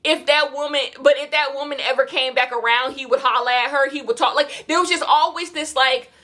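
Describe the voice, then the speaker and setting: A woman co-hosting a casual talk show, giving blunt, animated opinions full of swearing and rhetorical questions. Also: high-pitched, fairly quick. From Kenya. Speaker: podcast co-host.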